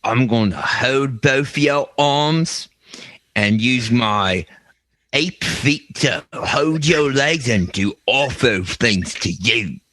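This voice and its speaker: A man voicing a British male skunk ape who taunts slowly and menacingly in a mock-English voice. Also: mid-range voice, expressive, sharp tone, no echo. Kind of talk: comedy podcast bit.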